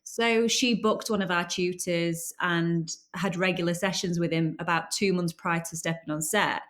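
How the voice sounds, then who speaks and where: A woman guest on a podcast with a slightly low voice. She talks about her work in an enthusiastic, chatty way, with easy casual interview pacing. She sounds keen and open throughout. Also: fairly even intonation, moderate pace, fairly bright tone. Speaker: guest, actor and company founder.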